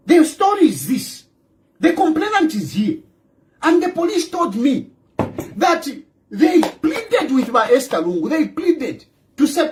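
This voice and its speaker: A man's voice: very high voice, very animated, measured pace. A man with a Zambian accent delivers an emphatic political monologue, repeating phrases and firing rhetorical questions, mixing in local-language words. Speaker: political commentator. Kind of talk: ranting monologue.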